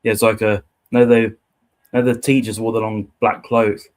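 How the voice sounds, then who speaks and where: A man chiming in with short, quiet confirmations as a fellow investigator. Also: on the low side, flat delivery, moderate pace. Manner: brief, quiet agreement.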